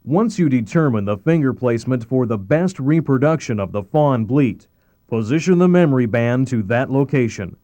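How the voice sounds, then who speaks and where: A man narrating a scripted instructional voice-over, giving calm step-by-step directions. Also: mid-range voice, normal speed, dry recording.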